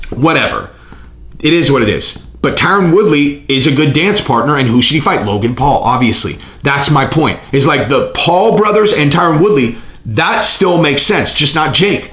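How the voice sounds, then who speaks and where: Male vlog host, animated swearing rambler, lively pitch, roomy recording. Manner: profane, excitable, rambling. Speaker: channel host. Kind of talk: casual fight commentary vlog.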